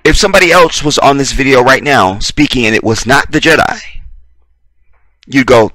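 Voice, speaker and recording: A man's voice: mid-range voice, normal speed, pushed and bright, no echo. A man giving a preachy commentary monologue, emphatic and profane, speaking straight to his listeners. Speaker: video commentator.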